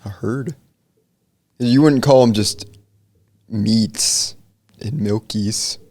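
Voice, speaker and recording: Low-voiced young guy rambling on a podcast, laughs a bunch. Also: extremely slow, a little mellow. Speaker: podcast co-host. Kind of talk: casual chat.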